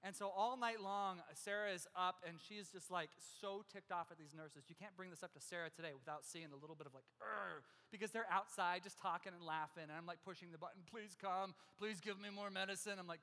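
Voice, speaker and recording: Bright high-voiced man telling a sermon story. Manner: animated, self-mocking humor, acts out other people's lines. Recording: long hall reverb.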